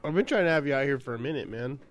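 A man's voice: mid-range voice, lively intonation, racing. A man hosting a podcast, chatting in an easygoing casual way with a guest. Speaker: podcast host. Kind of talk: casual chat.

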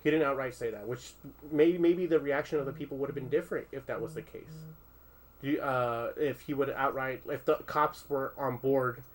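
A man's voice: mid-range voice, fairly even intonation, normal speed, low-quality recording. A man in a casual conversation, thinking aloud with many restarts, fillers and some swearing. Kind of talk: casual discussion.

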